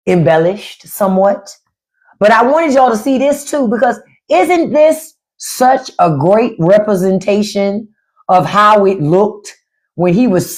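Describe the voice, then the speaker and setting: A woman hosting a livestream, ranting bluntly and mockingly with plenty of profanity. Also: medium pitch. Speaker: livestream host. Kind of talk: casual livestream rant.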